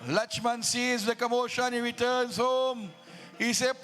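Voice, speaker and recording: A man narrating a devotional epic to a live crowd in a drawn-out, preacherly way. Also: very high-pitched, little pitch movement, a bit bright, faint music behind. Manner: preacherly, drawn-out dramatic phrasing. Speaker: Ramleela narrator.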